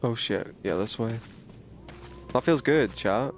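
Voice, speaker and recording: A British man giving casual gameplay commentary on a livestream, chatty and swearing freely with sudden excited outbursts. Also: mid-range voice, slow, slight background noise.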